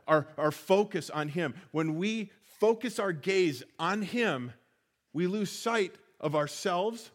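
Earnest man preaching a sermon. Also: on the high side. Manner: earnest storytelling preacher with frequent restarts. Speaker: pastor.

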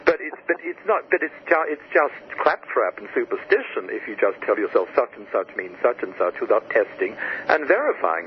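Enthusiastic guy telling stories in an interview, muffled lo-fi sound, faint hiss. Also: on the low side. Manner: enthusiastic, teaching by examples, frequent restarts. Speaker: author and guest. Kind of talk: animated storytelling interview answers.

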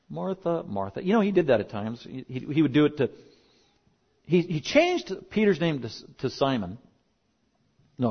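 A man's voice: a little high, breathy edge. A middle-aged male pastor giving a sermon in an emphatic, conversational way, with joking asides. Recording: dull lo-fi recording.

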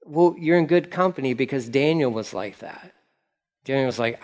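A man's voice: mid-range voice, normal speed, a little mellow. A man preaching a sermon as pastor, in a casual, conversational manner with slangy asides.

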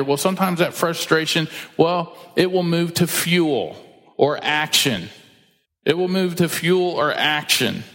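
A man's voice: a little high, fairly bright tone. A man preaching a sermon as pastor, emphatic and conversational, acting out quoted voices as he teaches. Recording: long hall reverb.

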